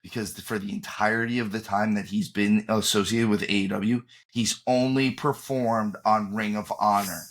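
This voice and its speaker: A man's voice: fairly low pitch, fairly even intonation, moderate pace, hardly any pauses. Opinionated man co-hosting a podcast. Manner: opinionated, emphatic, frequent restarts. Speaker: podcast co-host. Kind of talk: casual chat.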